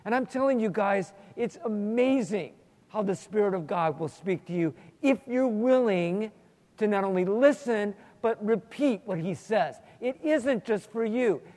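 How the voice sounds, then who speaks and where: A man's voice: high-pitched, expressive, a little slow, a little mellow. A man teaching the Bible in an earnest, storytelling way, often repeating words as he thinks, in a large hall. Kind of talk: Bible teaching with prayer and stories. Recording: long hall reverb.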